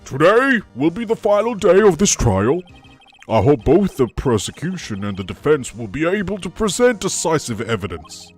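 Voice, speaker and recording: A man's voice: a little high, sing-song, moderate pace, breathy edge, soft background music, pitched above the performer's own voice. An Australian man voicing a stern male judge from a game, speaking in a formal, pronouncing way.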